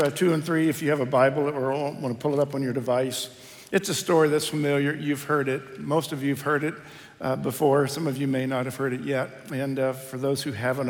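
Guy pastor preaching, easygoing, lots of uhs, reading scripture, echoey church. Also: medium pitch. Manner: conversational, storytelling with hesitations. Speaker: senior pastor. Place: church sanctuary. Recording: reverberant church hall.

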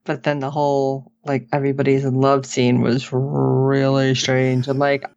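Extremely low-pitched and gravelly, a woman speaks at a measured pace, co-hosting a casual podcast that recaps a TV episode. Her animated retelling is full of performed quotes and laughter, on a dull, lo-fi recording with no echo.

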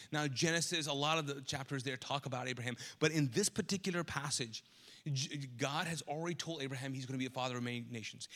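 Bright-voiced pastor preaching in a hall. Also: male voice, on the high side. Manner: conversational, asks the congregation to answer; acts out Bible characters in casual voices. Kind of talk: live sermon. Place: large church auditorium. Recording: long hall reverb from a live church service.

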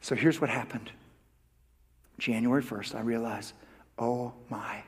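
A male pastor preaching a sermon, shifting from hushed, near-whispered asides to loud, fervent declarations with repetitive, rousing phrasing. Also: mid-range voice, fairly even intonation, unhurried, slightly rough. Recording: reverberant hall sound.

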